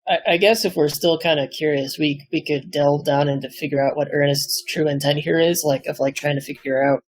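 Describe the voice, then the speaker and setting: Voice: mid-range voice, steady tone, a little fast. A player in a tabletop game who rambles with many fillers. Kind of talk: casual tabletop game chat.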